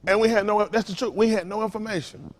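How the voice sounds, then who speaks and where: Preaching at a quick pace in a high voice, a male pastor engages his congregation in call-and-response, peppering them with rhetorical questions and switching between forceful and hushed delivery. Slight background noise is present.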